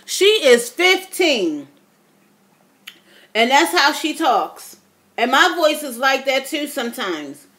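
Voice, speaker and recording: A woman's voice: high-pitched, very animated, takes it slowly, long pauses, bright, forceful tone. A woman in her fifties vlogging, telling stories in a chatty, dramatic way and calling her viewers y'all. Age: 50s. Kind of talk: casual storytelling to camera.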